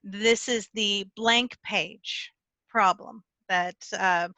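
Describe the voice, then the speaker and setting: Woman giving a writing talk, bright voice, dry close sound, corrects herself now and then. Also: medium pitch, steady tone, very slow, no room sound. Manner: explanatory, with small slips and self-corrections; talks with her hands. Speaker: conference speaker teaching writing. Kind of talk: conference talk.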